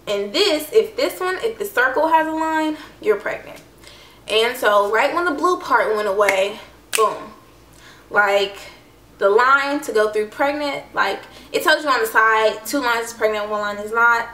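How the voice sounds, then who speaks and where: A young woman talks straight to her camera, telling a personal story in a loose, chatty way. She keeps reaching for "like" and "I don't know". Her voice is bright and pushed, sitting slightly high, and the room rings around it. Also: animated, unhurried, distant mic, slight background noise. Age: young adult. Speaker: vlogger. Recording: echoey room, voice a bit off-mic.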